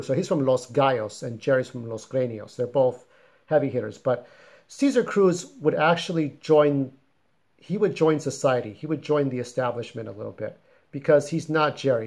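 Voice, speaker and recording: A man talks through the plot of a story he wrote, keeping it loose and conversational. His pitch sits in an ordinary middle range for a man. He wanders a little and doubles back without any polish. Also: darkish tone. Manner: rambling, informal, plain-spoken retelling. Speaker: fiction writer summarizing his story. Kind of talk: casual spoken story summary.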